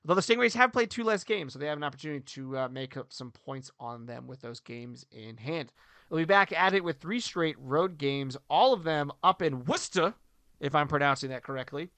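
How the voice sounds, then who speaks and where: A man in his thirties co-hosting a casual hockey podcast, joking and animated, swinging between loud bursts and quiet asides. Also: on the high side, a little fast, clean tone, dry recording. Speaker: podcast co-host, hockey coach. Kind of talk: casual sports podcast chat.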